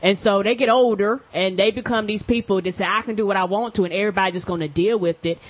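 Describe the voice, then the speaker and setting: A woman's voice: medium pitch, steady tone, fast talker. A woman co-hosting a casual podcast chat, telling stories bluntly and matter-of-factly. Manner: blunt, matter-of-fact storyteller. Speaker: podcast co-host.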